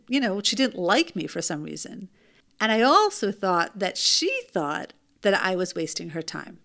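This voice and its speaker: An adult woman recounts a personal story as a mother, speaking straight to her listener. Her telling is animated and emphatic, with rhetorical asides along the way. Her voice sits at an ordinary middle pitch for a woman. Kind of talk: first-person storytelling monologue.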